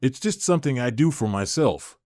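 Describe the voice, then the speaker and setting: A man voicing a calm, self-justifying unfaithful wife in a told story, with a measured, even delivery. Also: medium pitch, no room sound, studio quality, close to an everyday voice. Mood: calm pleading. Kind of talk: storytelling narration.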